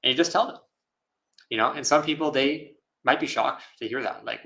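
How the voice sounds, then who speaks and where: Bright-voiced monk giving a casual talk. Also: male voice, medium pitch, a little fast, vocal fry, rough recording. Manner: casual, thoughtful, laughs often, many fillers. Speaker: Buddhist monk. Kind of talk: live Q&A dharma talk.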